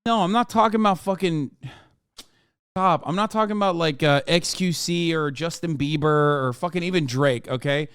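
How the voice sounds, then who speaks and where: A man's voice: fairly high pitch, normal speed, a bit bright, smooth, no echo, clean studio sound. A man livestreaming, giving heated, profane, sarcastic commentary while reacting to a news piece.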